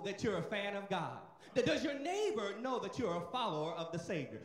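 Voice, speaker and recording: Emphatic high-voiced male preacher. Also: sing-song, moderate pace, few pauses. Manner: emphatic, calls out to the congregation. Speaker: pastor. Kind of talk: sermon. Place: church sanctuary. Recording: echoey church hall.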